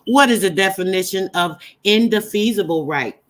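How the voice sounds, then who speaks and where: A woman's voice: mid-range voice, moderate pace, a bit bright. Emphatic woman preaching to her live chat. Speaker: livestream host. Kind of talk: live-stream teaching chat.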